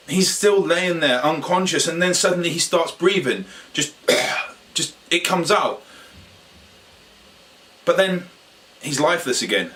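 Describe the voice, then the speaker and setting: A man, a health coach, tells a personal story to camera in a halting way, repeating phrases and pausing for drama. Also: fairly high pitch, fairly bright tone. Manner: halting, repetitive retelling with dramatic pauses. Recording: voice a little distant from the mic.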